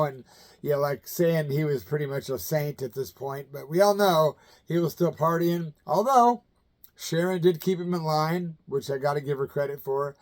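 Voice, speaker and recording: With a voice on the high side and a slightly slow pace, a channel host in his fifties from the American Midwest spins casual rock anecdotes. He speaks colloquially and performs the voices of those he quotes.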